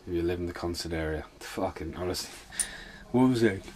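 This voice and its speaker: A man's voice: deep voice, a little fast, a little mellow, a little hiss or hum. A man casually chatting and swearing his way through a film commentary for his podcast. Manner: swears a lot, chatty and offhand.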